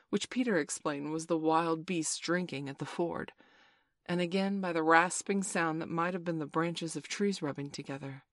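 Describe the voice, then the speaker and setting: Low-voiced woman reading a storybook. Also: no echo, clean studio sound. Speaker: audiobook narrator. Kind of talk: scripted storybook narration.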